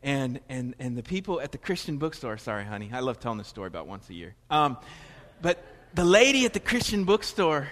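With a mid-range voice that's very animated, a little fast and a bit bright, a Southern-accented pastor from Florida preaches conversationally, drifting into digressions and correcting himself. A large hall lends long reverb.

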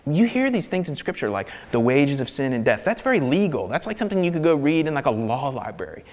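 A man preaching a sermon, animated and emphatic, sometimes dropping his voice to a near-whisper for emphasis. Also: mid-range voice, quick pace, hardly any pauses, in a large hall.

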